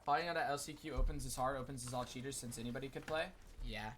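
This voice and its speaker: Bright, rambling male streamer. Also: mid-range voice, steady tone, fast talker, a little hiss or hum. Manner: rambling, many "like" fillers, talks to chat. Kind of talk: casual livestream chat commentary.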